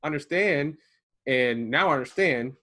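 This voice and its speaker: A man co-hosting a casual podcast from his garage, telling stories with animated delivery and acting out the voices of people he quotes. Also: medium pitch, normal speed. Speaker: podcast co-host. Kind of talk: casual conversation. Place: home garage.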